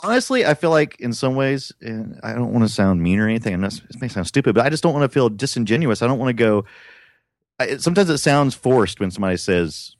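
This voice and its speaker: A man co-hosting a podcast who speaks hesitantly and keeps qualifying his points. His pitch sits at an ordinary level. The recording is dry and close. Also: big pitch swings, fast, no echo. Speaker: podcast co-host. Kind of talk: casual chat.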